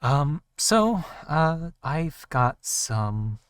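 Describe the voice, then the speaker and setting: A man narrating a tabletop role-playing game as game master, pausing often with ums and uhs. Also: on the high side, sing-song, smooth, dry recording, clean studio sound, recorded from a distance. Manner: halting, many ums and uhs.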